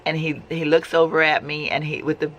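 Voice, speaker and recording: A woman's voice: sits low, flat delivery, a little fast, dull audio, a little hiss or hum. A woman sharing a personal faith testimony in casual, heartfelt storytelling, talking conversationally with frequent restarts.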